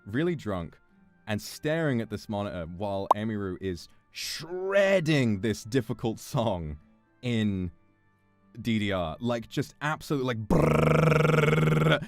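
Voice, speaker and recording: A man's voice: on the low side, unhurried, soft background music. British man telling a casual story. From Britain. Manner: swearing, laughing often, animated retelling. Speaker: streamer.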